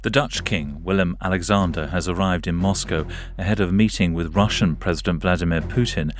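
A man reading a radio news bulletin in a measured, formal delivery. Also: sits low. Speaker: newsreader.

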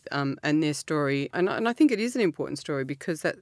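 A woman's voice: fast talker, no room sound. Middle-aged aussie woman chatting as a guest, earnest, laughy, dry studio mic. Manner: earnest, laughs often, lively pitch jumps. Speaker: author guest. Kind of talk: reflective interview talk.

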